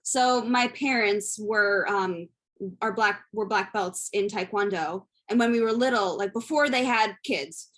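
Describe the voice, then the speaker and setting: A woman's voice: medium pitch, a little slow, fairly bright tone. A young woman, an actor from the United States, talking as a guest in an interview, poised and well-spoken. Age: young adult. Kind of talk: casual interview chat.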